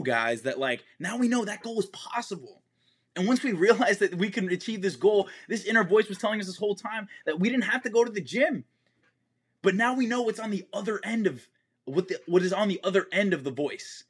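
A man's voice: high voice, animated, fairly quick, husky. A young man hosting a fitness podcast, giving an intense motivational monologue full of swearing and repetition.

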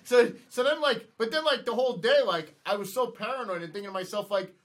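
A man in his thirties with a notably high voice spins a story in loose, casual podcast talk. He stumbles into repeated words, restarts often, and slips into little acted-out voices for the people he quotes. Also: fast. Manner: animated, stumbling repeats, acts out quoted lines.

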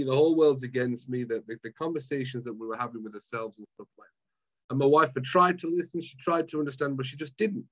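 A mind management coach from Scotland, heard in lo-fi sound with a mid-range voice, guests on a casual chat. He tells his story animatedly, slipping into the role of his former self to act out scenes.

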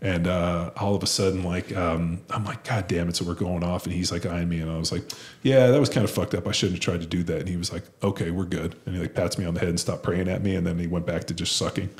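A man who played football telling profane, animated stories in a casual chat. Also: deep voice, quick pace. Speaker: podcast host, former football lineman.

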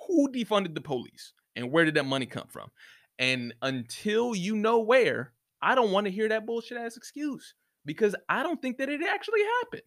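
His voice sits high and sounds a bit bright. Hosting a podcast by himself, he rants with heated sarcasm and plenty of swearing, frequently mocking what others think.

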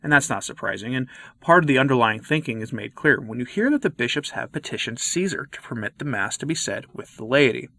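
Male video host, earnest scripted delivery, average pitch, dry untreated room. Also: expressive, brisk, gravelly, bright, forceful tone, no echo. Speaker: Catholic commentary video host. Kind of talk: scripted commentary to camera.

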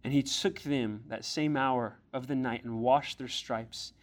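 A pastor delivers an unhurried sermon to his youth group in a steady, mid-range voice. Earnest and direct, he asks pointed, blunt questions and occasionally takes on the voices of scripture.

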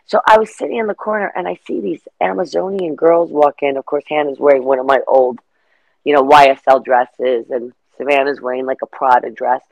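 A woman's voice: very deep voice, a little fast, creaky, no echo, rough recording. Middle-aged woman rambling thru stories on an interview, dry close mic. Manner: rambling, animated storytelling. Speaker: guest. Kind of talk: casual interview chat.

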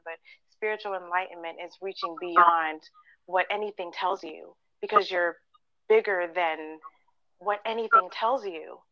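A woman's voice: fairly low pitch, fairly even intonation, a little slow, dry recording. Earnest chatty woman, dry lo-fi sound. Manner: earnest storytelling, many fillers and acted-out quotes. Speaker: podcast co-host. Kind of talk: casual podcast chat.

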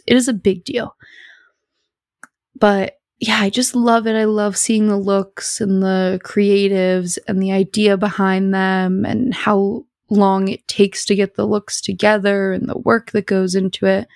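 A woman's voice: mid-range voice, level tone, unhurried, creaky, darkish tone, no echo, studio quality. A young woman hosting a podcast at home, chatting casually in a rambling, bubbly, self-deprecating way. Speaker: podcast host. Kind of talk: casual solo chat.

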